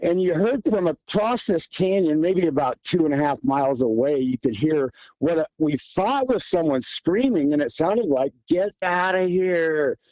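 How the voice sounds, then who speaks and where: A man's voice: a little high, expressive, moderate pace, few pauses, warm tone, no echo, rough recording. A man, a hunter and guest, telling a tense hunting story in casual, vivid detail. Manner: tense, vivid retelling with quoted dialogue. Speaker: guest hunter recounting an encounter.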